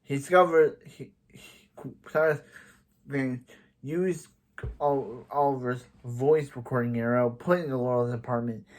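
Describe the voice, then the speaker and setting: A man's voice: mid-range voice, a little slow. Rambling man recapping a TV episode. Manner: rambling, many restarts and repeated "so". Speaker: TV episode reviewer.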